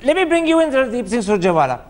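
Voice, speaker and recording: Man, debate host, high voice, very animated pitch, pointed and pressing. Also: quick pace. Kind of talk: combative TV debate.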